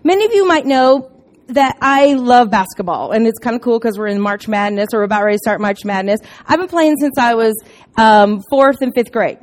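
A middle-aged woman giving a casual sermon, telling stories in a chatty, self-deprecating way with sudden loud bursts. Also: on the high side, normal speed. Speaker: preacher.

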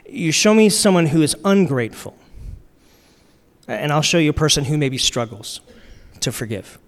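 A man preaching a sermon in a relaxed, conversational way, using slang and repeating his key lines for emphasis. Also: fairly high pitch. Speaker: pastor. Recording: long reverb of a large hall.

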